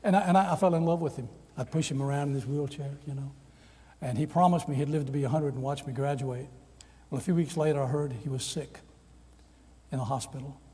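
An older man preaches a storytelling sermon, animatedly acting out the voices of the people in his stories. His medium-pitched, slightly rough voice runs a little fast, with the long reverb of a large hall behind it.

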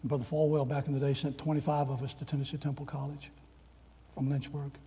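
A man's voice: mid-range voice, fast, slightly rough. An older man preaching a storytelling sermon, acting out the voices in his stories. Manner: animated storyteller, acts out quoted voices. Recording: long reverb of a large hall.

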